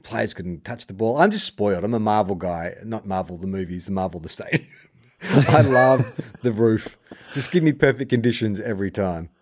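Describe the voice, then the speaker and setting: A man co-hosting a casual sports chat, jokey and animated, laughing often. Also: lowish voice, normal speed. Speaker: podcast co-host.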